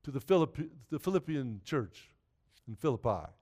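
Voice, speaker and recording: A man's voice: mid-range voice, sing-song, moderate pace, dark tone. A man preaching a sermon in an earnest, conversational way, often repeating himself. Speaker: pastor.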